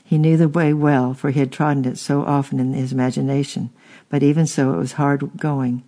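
A man narrating a historical story aloud in a steady reading, now and then stumbling and repeating a word. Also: medium pitch, brisk. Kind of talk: audiobook reading.

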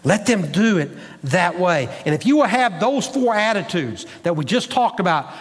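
High, lively-voiced preaching pastor. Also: male voice, normal speed, husky, in a large hall. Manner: emphatic, repetitive preaching cadence. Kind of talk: sermon.

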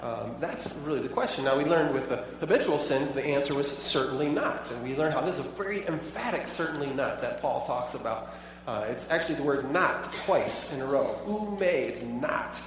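A man's voice: medium pitch, moderate pace, hardly any pauses, a crowd in the background. A pastor preaching a sermon in a conversational way, asking his listeners many rhetorical questions. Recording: echoey hall, voice from far off.

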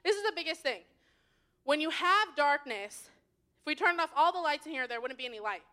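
A young woman leads a youth sermon in a bubbly, chatty way. Her voice sits high and bright, and she jumps between loud, excited bursts and hushed asides. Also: a little fast. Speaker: youth leader.

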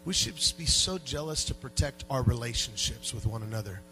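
A man preaching a sermon as pastor in a church, animated and joking with the congregation, dropping to quiet asides and rising to loud peaks. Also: medium pitch, a little fast, noisy background. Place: church sanctuary.

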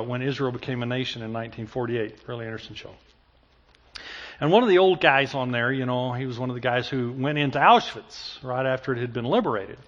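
A man's voice: mid-range voice, a bit bright. Man preaching, muffled lo-fi sound. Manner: storytelling, builds to impassioned emphatic preaching. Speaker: pastor. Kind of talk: sermon.

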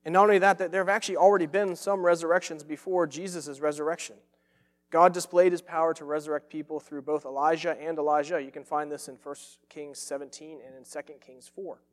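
A man's voice: on the high side, fairly even intonation, fairly quick, long reverb tail. A man preaching a sermon as pastor, earnest and emphatic, repeating phrases for stress.

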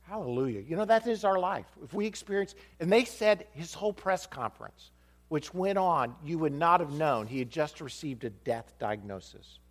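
A man's voice: fairly high pitch, normal speed. A man preaching a storytelling sermon in a church, acting out the voices of the people in his story. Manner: animated, acts out dialogue with shifting voices. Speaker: pastor.

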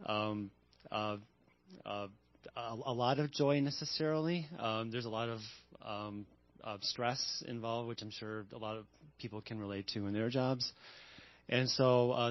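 A man speaking as a church panel guest, hesitant and halting, with many fillers and restarts. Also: fairly low pitch. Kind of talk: unscripted testimony. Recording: dull sound.

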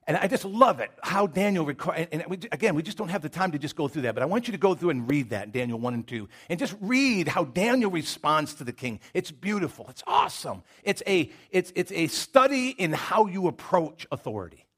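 A male preacher tells a story in an animated, conversational sermon and speaks straight to his congregation. His voice sits a little high and rises and falls a great deal from phrase to phrase. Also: a little fast, hardly any pauses, husky. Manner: addresses congregation directly.

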